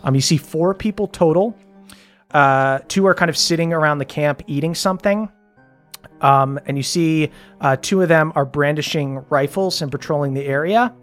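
A young adult game master narrates a tabletop adventure, laid-back and easygoing, with plenty of ums and uhs along the way. The voice sits at a middle pitch. Soft music plays faintly behind. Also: moderate pace.

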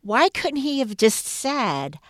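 A woman's voice: on the high side, very animated, no room sound, studio quality. A woman co-hosting a podcast, giving her opinions in an emphatic, casual chat. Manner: opinionated, emphatic, quick asides. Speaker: podcast co-host.

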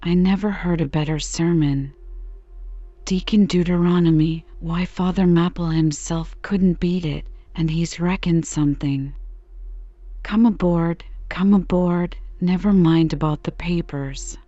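A woman reading the part of a gruff, hearty old sea captain who blusters, on a dull lo-fi recording. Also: fairly low pitch, a little slow, dark tone, dry recording, lightly acted.

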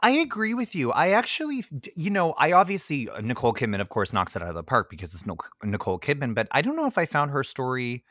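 A man co-hosting a podcast, chatting casually about a movie in a chatty, expressive way. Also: medium pitch, no room sound, clean studio sound. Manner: chatty and expressive, doing quick impressions. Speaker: podcast co-host. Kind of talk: casual film review chat.

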